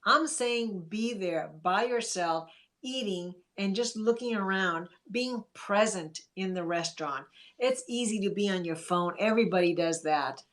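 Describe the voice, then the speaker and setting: A woman's voice: mid-range voice, unhurried, fairly bright tone. A woman hosting a casual livestream, chatting in an encouraging way and reading viewer comments aloud. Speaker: livestream host.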